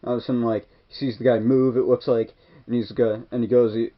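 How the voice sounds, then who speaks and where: A fast-talking man with a medium pitch and level tone retells a movie's scenes in a casual, rambling way. As a movie reviewer, he fills the recap with "like" and "kinda," heard through a dull lo-fi recording.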